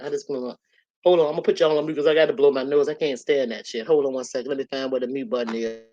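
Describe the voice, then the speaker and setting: Her rumbling low voice comes rapid-fire, warm and fairly even in intonation, though the recording cuts off the highs. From her room at home, this woman hosts a livestream, telling blunt, earthy stories in a loose flow with frequent asides, "you know"s, and "y'all"s.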